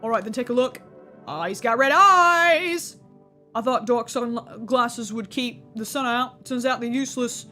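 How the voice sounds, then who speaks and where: A man's voice: extremely high pitch, a little slow, bright, forceful tone, faint music behind, full character voice. An actor playing a grumpy, confrontational male stranger in a video game who talks in slang and calls people mate. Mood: combative.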